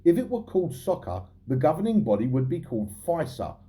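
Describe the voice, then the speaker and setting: A man's voice: a little high, very animated, a little fast, dark tone. A man hosting a scripted comedy football show, cheeky and sarcastic, swearing often. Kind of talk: scripted comic commentary.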